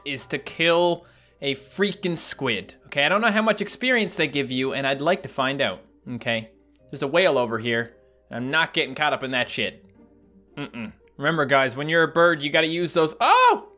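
A young man casually commenting on a game he plays, chatty and animated, yelping and laughing when surprised. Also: a little high. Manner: animated, yelps and laughs at sudden attacks. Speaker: gaming YouTuber. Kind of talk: casual let's-play commentary.

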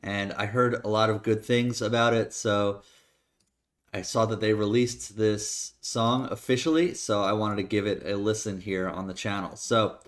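A man who composes, talking casually as he reacts to a song for his channel, relaxed and plain-spoken with some hesitations. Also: on the low side, moderate pace. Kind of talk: casual reaction video talk. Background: faint music.

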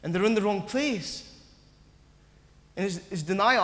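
A man's voice: high voice, expressive, unhurried, fairly bright tone, long reverb tail. A man preaching a sermon in church, earnest, acting out the voices of the doubting, often stumbling and restarting his sentences.

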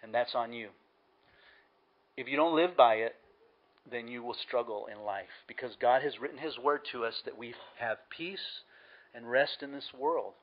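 A man's voice: medium pitch, moderate pace, lo-fi sound. A man preaching a sermon as pastor, earnest and emphatic, repeating key words for stress.

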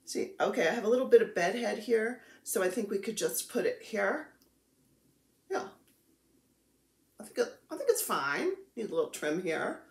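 A woman's voice: medium pitch, big pitch swings, moderate pace, creaky, long pauses, roomy sound. A woman vlogging casually about her cross-stitch projects, chatty and self-deprecating, gushing over the supplies she shows. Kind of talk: casual chatty show-and-tell.

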